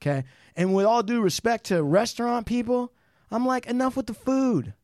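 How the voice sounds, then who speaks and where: Podcast co-host, male, high animated voice, loose profane storyteller, dry close mic. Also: normal speed, dry recording. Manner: animated storyteller, swearing, mimics people in anecdotes. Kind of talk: casual chat.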